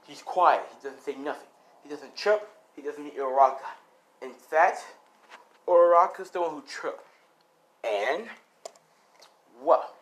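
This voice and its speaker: A man improvising a fan-fiction story out loud, rambling and correcting himself as he goes. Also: a little high, a little hiss or hum, poor audio. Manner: rambling, self-correcting, many fillers.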